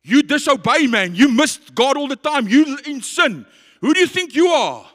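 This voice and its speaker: A man's voice: sing-song, normal speed, in a large hall, exaggerated voice. A man with a South African accent voicing guilt and shame as a harsh accusing voice. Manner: harsh, accusing, high and loud.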